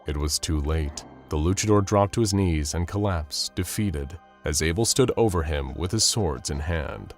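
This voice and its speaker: Man, low deep voice, scripted story narration, steady and dramatic, faint music underneath. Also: moderate pace, few pauses.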